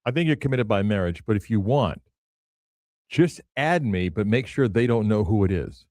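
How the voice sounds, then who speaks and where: A man's voice: on the low side, expressive, normal speed, a little mellow, dry recording, studio quality. A man hosting a sports radio show, teasing and joking with his co-host. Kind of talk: casual radio chat.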